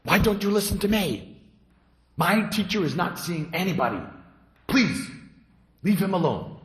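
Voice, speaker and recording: A man's voice: mid-range voice, big pitch swings, normal speed, close to an everyday voice. A man voicing a protective young male temple attendant who turns away a visitor insistently. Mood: shouting angrily. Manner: insistent, rising to angry shouting. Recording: echoey hall.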